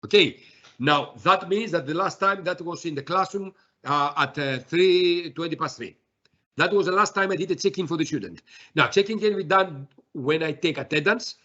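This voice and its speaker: A man presenting a software demo in a webinar, talking haltingly with many fillers and restarts. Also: fairly high pitch, lo-fi sound.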